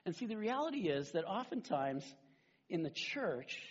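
A middle-aged man preaching a sermon as a pastor, animated and conversational, often checking in with "right?". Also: high voice, normal speed, breathy edge, dull audio.

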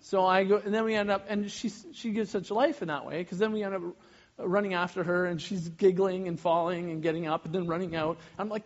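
A man in his thirties, a pastor giving a sermon, animated and often breaking off mid-sentence to act out little scenes. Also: sits high, fairly quick, muffled recording. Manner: animated, self-interrupting, acts out little scenes.

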